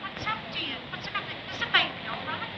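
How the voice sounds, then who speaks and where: A woman's voice: extremely high pitch, animated, fast talker, dull audio. A woman playing a flustered, chatty older businesswoman and mother in a 1960s TV sitcom. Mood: anxious. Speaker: company director. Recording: hissy 1960s TV recording.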